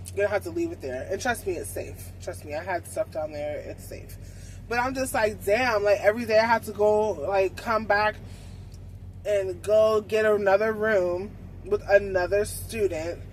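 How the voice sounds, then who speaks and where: A young adult woman truck driver telling a casual storytime vlog, swearing freely and acting out conversations in lively voices. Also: mid-range voice, slight background noise, low-quality recording. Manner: animated, swearing, acts out conversations.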